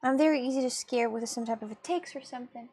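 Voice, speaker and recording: A woman's voice: on the high side, fast talker, darkish tone, breathy edge. A young woman chatting casually with her viewers while drawing on a livestream, laughing often and reacting to chat. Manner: giggly, chatty, talks to viewers. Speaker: streamer.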